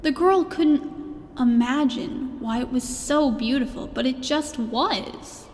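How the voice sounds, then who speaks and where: A woman voicing a gentle space princess who tells a bedtime story in a meandering way, with fillers and restarts. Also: high-pitched, slow pace. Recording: long reverb with faint music.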